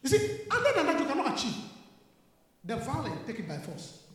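A man's voice: very high-pitched, wildly swooping pitch, a little fast, a bit bright. A man preaching a sermon, emphatic, repeating his lines and calling out to the congregation. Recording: echoey hall with long reverb.

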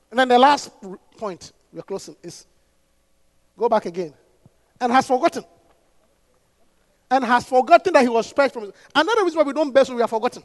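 A man preaching a sermon as pastor, repeating phrases, calling out to the congregation and rising to impassioned shouts. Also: extremely high pitch. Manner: repetitive, call-and-response preaching.

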